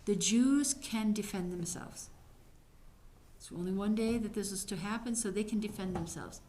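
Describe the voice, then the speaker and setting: A woman's voice: mid-range voice, normal speed, warm tone, a little hiss or hum, lightly acted. A woman voicing a casual Persian king. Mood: commanding. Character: ancient Persian king, commanding man.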